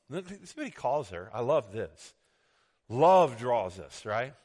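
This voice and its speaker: A middle-aged man preaching a sermon, reading scripture dramatically and swinging between loud exclamations and soft asides. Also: medium pitch, sing-song, unhurried. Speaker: pastor. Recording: long hall reverb.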